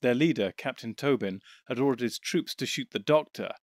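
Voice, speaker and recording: Steady male audiobook narrator, dry sound. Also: mid-range voice, fairly quick, no room sound.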